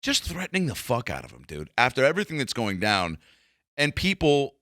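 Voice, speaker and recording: A man hosting a comedy podcast, talking in a casual, profane, animated monologue and acting out quotes in raised voices. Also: medium pitch, a little fast, no echo, clean studio sound.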